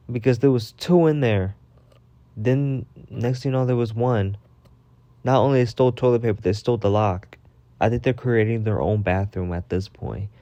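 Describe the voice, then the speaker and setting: A man telling a storytime vlog in a casual, profane, animated rant, repeating himself for emphasis. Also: fairly low pitch, vocal fry, no room sound. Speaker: vlogger.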